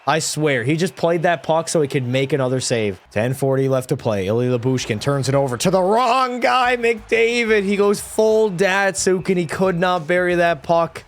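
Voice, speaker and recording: A man giving live play-by-play commentary over a hockey video game from a desk microphone at home, excitable and quick to frustrated outbursts. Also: medium pitch. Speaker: gaming creator.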